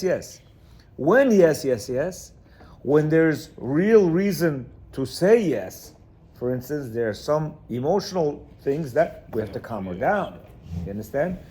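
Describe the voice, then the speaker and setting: A man teaches a room of men in a loose, spoken lecture. His voice sits a bit high and he leans hard on his points, circling back and checking they understand. He acts out little quoted lines along the way. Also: breathy edge. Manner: repetitive, keeps asking "you understand?"; emphatic, lively, acts out quotes. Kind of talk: informal lecture to a class.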